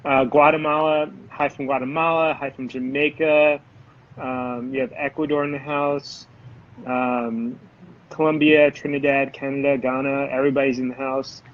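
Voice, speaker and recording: A man's voice: mid-range voice, level tone, moderate pace. A man hosting a live chocolate tasting on a video call, greeting viewers and reading out their comments. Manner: reads out viewers' comments, friendly and encouraging. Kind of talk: casual live-stream chat. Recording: dull lo-fi live-stream audio.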